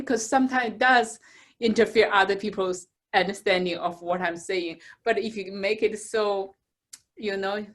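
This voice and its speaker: A woman's voice: mid-range voice, fairly bright tone. Reflective woman speaking non-native English. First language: not English. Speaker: guest. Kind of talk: casual interview chat.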